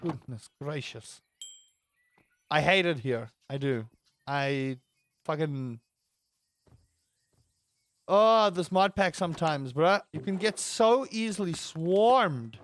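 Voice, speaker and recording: A young man giving let's play commentary, excitable, yelling and swearing at enemies as he plays. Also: on the high side, slight background noise. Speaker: gaming channel host.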